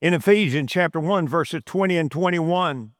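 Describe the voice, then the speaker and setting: A man's voice: a little high, normal speed, dry recording, clean studio sound. A man preaching a sermon, emphatic and repeating phrases for stress. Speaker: pastor.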